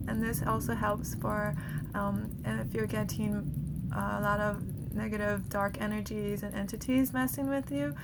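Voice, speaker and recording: A woman's voice: mid-range voice, heavy background noise. A woman energy healer giving a casual guided healing talk, chatty and laughing often between phrases.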